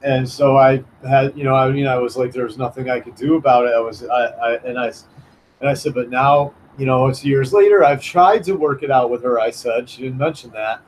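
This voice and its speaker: A man's voice: medium pitch, brisk, slight background noise, rough recording. A man telling a personal story in a casual monologue, rambling with many restarts and acting out what others said. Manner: rambling, many restarts, acts out quoted voices. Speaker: vlogger.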